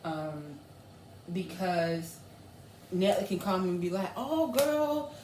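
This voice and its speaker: A woman's voice: on the low side, fairly even intonation, unhurried, darkish tone. A woman, co-hosting a casual chat in an upbeat, matter-of-fact way. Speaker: podcast co-host. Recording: echoey room with faint noise.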